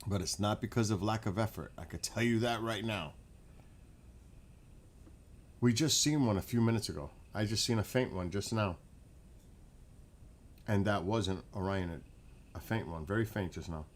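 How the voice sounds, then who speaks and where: Hushed New York man chatting at night. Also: fairly low pitch, normal speed, long pauses. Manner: relaxed, rambling, chatty with viewers, often hushed. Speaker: livestream host. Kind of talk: casual late-night livestream chat. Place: outdoors at night in front of a rural house.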